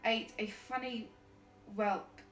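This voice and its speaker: A woman reading a storybook aloud, voicing a heavyset, bad-tempered middle-aged uncle in a gruff, snappish way. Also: a little high, steady tone, slow pace. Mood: complaining. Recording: roomy distant mic with faint music.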